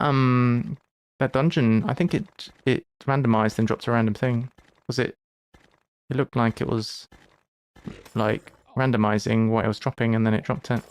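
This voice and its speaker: A man's voice: medium pitch, steady tone, moderate pace, smooth, dry recording. A man giving live commentary while he plays a game, chatty and thinking aloud, with playful asides. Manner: playful asides and mock lectures. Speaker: game streamer.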